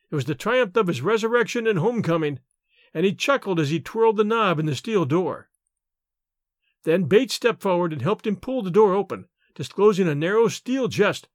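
A man narrating a novel aloud in an expressive storytelling manner. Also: high-pitched, dry recording, clean studio sound. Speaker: audiobook narrator. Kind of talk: scripted narration.

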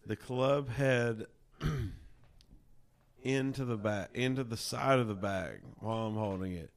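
A man's voice: on the low side, unhurried, gravelly. A man, a caddie, telling a story in a laid-back way with plenty of "like" and casual swearing. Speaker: tour caddie, guest.

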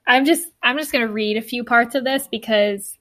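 A woman's voice: a little high, moderate pace, fairly bright tone, no room sound. A woman co-hosting a podcast, recapping a book casually with lots of fillers. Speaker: podcast co-host.

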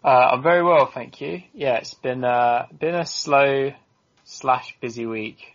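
A man's voice: medium pitch, unhurried. An English man, a podcast's stats contributor, chatting casually and hesitantly with many fillers. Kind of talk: casual chat. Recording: dull lo-fi audio.

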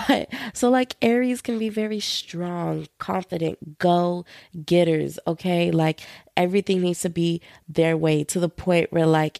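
A young woman talks through her solo podcast in a low, mellow voice with a gravelly edge. She is chatty and playful, a bit under the weather. The sound is close and dry. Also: no room sound. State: feeling unwell. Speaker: podcast host. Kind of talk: casual solo podcast chat.

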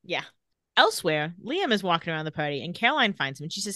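A woman with a lowish voice talks fast in a dry, studio-quality recording. Co-hosting a podcast, she casually recaps a TV episode, animatedly acting out lines from the show and laughing as she retells scenes.

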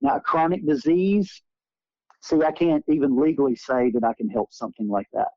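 A man's voice: on the high side, lively intonation, moderate pace, dark tone, no room sound. A man in his forties, an energy healer and interview guest, telling spiritual healing stories in an earnest, emphatic way. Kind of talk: earnest conversational storytelling. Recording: dull lo-fi recording.

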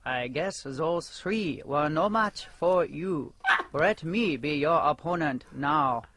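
Slow, halting rival fighter. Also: male voice, on the high side, expressive, background noise. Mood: challenging. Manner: halting, non-native reading.

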